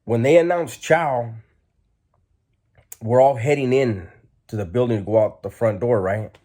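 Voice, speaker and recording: A man's voice: medium pitch, unhurried, mellow. A man telling a story in a casual, blunt, streetwise way, with lots of fillers.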